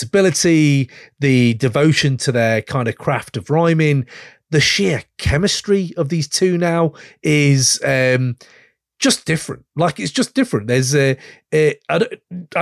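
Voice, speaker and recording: A man's voice: fairly high pitch, no room sound, clean studio sound. A man hosting a podcast, chatting in a rambling, enthusiastic way and swearing freely. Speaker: podcast host. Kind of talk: casual chat.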